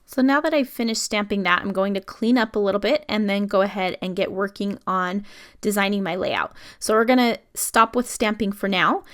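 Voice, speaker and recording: An adult woman chatting through a casual scrapbooking voice-over, explaining each step as she works. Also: mid-range voice. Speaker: scrapbooking video host.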